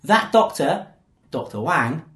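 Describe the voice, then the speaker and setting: Lively, joking male podcast host. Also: a little high, slow. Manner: animated, joking storyteller. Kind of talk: casual chat. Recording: roomy echo.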